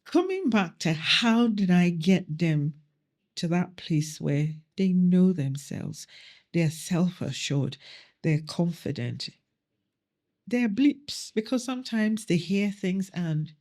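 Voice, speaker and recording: A woman's voice: fairly low pitch, takes it slowly. A middle-aged woman guest, from Nigeria, telling stories in a podcast interview and acting out the dialogue she quotes. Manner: animated storyteller who acts out quoted dialogue.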